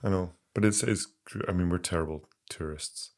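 A young man with a very deep voice, chatting on a podcast. He teases his co-host dryly and slips into mock voices for comic effect. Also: moderate pace. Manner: dry teasing, does mock voices. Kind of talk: casual chat.

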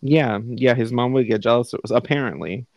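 Speaking at a moderate pace in a slightly mellow, medium-pitched voice, a young man tells a story on his home podcast, recounting a conversation with frank, foul-mouthed asides. The low-quality audio, captured over a live online call, has no room sound.

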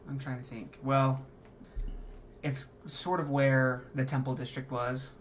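A man's voice: medium pitch, a little slow, slight background noise. Man narrating as game master. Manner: descriptive, relaxed, restarts phrases.

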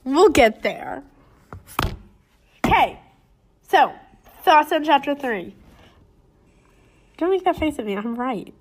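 A young woman speaks slowly and unhurriedly in a casual book chat, her voice sitting a bit high. She teases her co-host and laughs easily between points. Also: big pitch swings, a little hiss or hum. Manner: slow, laughing, teasing. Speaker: podcast co-host.

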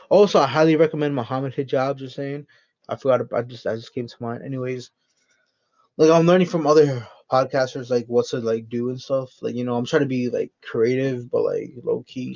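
A man's voice: medium pitch, creaky, a little mellow. Loose, swearing man on lo-fi mic. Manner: rambling, profane and joking. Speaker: podcast host. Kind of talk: unscripted solo podcast chat. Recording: dull lo-fi recording.

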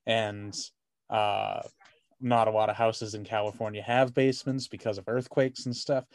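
A man's voice: lowish voice, flat delivery, normal speed, no room sound. A man co-hosting a podcast, chatting casually about a movie, rambling with lots of "like" and swearing freely. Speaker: podcast co-host.

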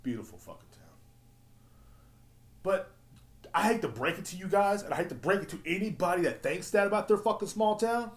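A man's voice: high-pitched, expressive, brisk, long pauses, slight background noise. A man ranting profanely and rambling as a podcast host. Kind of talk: casual solo rant. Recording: roomy echo.

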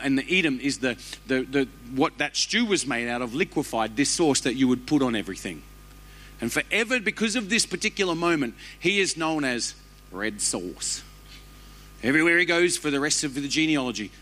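A man, preaching a sermon as a pastor with animated, humorous storytelling. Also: mid-range voice, normal speed.

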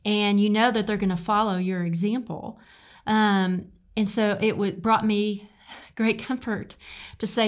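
A woman's voice: mid-range voice, steady tone, measured pace, clear, resonant tone. A middle-aged woman with an Arkansas Southern accent, giving earnest, encouraging advice in a casual chat. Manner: earnest, encouraging, drawls "y'all". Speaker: co-host.

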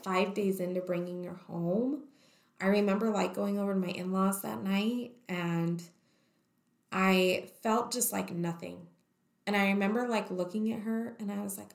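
A guest with a gravelly, medium-pitched voice tells her own story at normal speed. She's candid and conversational, saying "like" constantly, and the room echoes.

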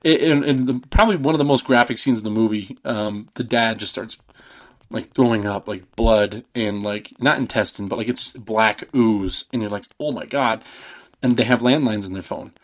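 A man's voice: fairly low pitch, steady tone, normal speed. A man in his thirties casually recapping a film on a podcast, rambling and swearing, acting out the characters' lines. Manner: rambling, swearing, acts out quotes with laughs. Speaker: podcast host.

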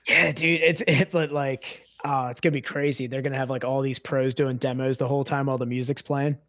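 Excited podcast co-host, a man. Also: mid-range voice, brisk, dry recording. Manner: enthusiastic, laughs easily, says "dude". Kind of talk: casual chat.

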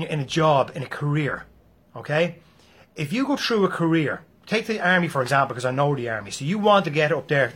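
A man with an Irish accent delivers a motivational monologue in a husky voice. He talks bluntly and profanely and hectors his listeners. His voice sits a little higher than most men's. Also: a bit bright. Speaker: motivational speaker.

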